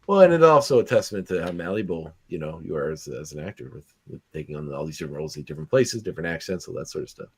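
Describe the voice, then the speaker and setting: A man hosting a podcast interview, asking questions in a halting way with many restarts. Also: deep voice, very animated, husky, no room sound. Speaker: podcast host.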